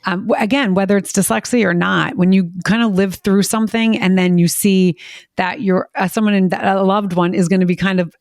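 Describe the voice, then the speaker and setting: A woman's voice: mid-range voice, fairly even intonation, a little fast, no room sound, clean studio sound. A middle-aged woman talking candidly as a podcast guest, emotional and rambling, often breaking off and restarting her sentences. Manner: emotional, rambling, self-interrupting. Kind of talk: candid conversational interview.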